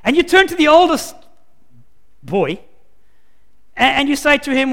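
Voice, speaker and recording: High-voiced, lively preacher in a hall. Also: male voice, measured pace. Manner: animated storytelling, acts out scenes, emphatic. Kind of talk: sermon. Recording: long hall reverb.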